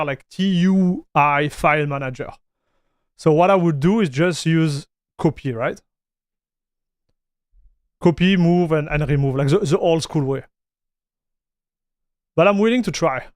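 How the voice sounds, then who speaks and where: High-voiced southern French man streaming. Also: smooth, no echo, clean studio sound. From France. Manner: casual, addresses viewers as buddy and dude. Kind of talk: live stream chat.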